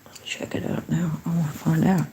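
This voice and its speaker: Woman, livestream host: low and gravelly, chatty, blessing viewers, frequent whispered asides. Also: flat delivery, fairly quick. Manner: blesses and greets viewers warmly by name. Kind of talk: casual livestream chat.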